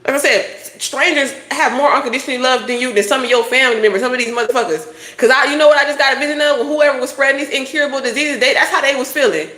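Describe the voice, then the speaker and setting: A woman's voice: sits high, fast, hardly any pauses, sharp tone, echoey room. A woman doing a casual tarot reading, talking bluntly with lots of swearing and preachy advice. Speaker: tarot reader.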